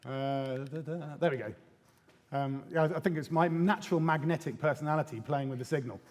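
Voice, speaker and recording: A man's voice: on the high side, a little fast. Irreverent man speaking in a reverberant hall. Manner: lively and irreverent, with casual swearing and acted quotes. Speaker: conference speaker. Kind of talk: live conference talk.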